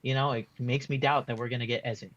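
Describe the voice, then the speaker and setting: A man's voice: mid-range voice, steady tone, fast, fairly bright tone, no echo, highs cut off. A man giving a casual post-match fan reaction, rambling and frustrated, full of restarts and "like" fillers. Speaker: football fan being interviewed.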